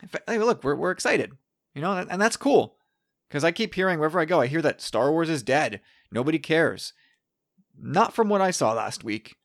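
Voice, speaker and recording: A man hosting a podcast in casual, excitable chat, often restarting his sentences. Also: fairly high pitch, a little fast. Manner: chatty, excitable, with frequent restarts. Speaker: podcast host.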